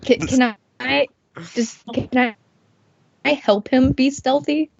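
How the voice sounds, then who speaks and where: A woman playing a tabletop game, speaking playfully and haltingly. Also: high-pitched, vocal fry, noisy background. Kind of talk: casual chat. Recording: dry, muffled audio.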